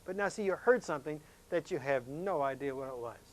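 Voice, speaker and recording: A man teaching a science lesson to students, talking in a folksy, chatty way, asking questions and jumping up in pitch to stress a point. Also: expressive, a little fast. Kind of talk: classroom lesson demonstration.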